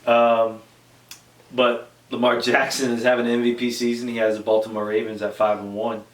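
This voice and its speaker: A woman's voice: extremely low pitch, monotone, fast. A woman hosting a casual sports review show, rambling with many fillers and restarts. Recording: echoey room, mic far off.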